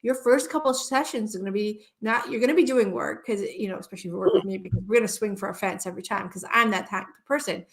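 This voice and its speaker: A woman's voice: medium pitch, fast talker, few pauses. A woman hypnotherapist speaking as a guest in a live-stream conversation, earnest and passionate, often restarting her sentences.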